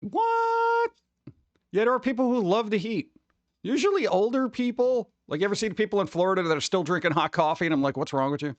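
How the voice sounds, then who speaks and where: A male streamer talks in a loose, rambling, joking way, reading chat messages as they come in. His voice sits fairly high for a man, and the sound is dry and close with little room to it. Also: fast talker, no room sound, highs cut off. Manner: rambling, jokey, reads chat aloud. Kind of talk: casual live-stream chat.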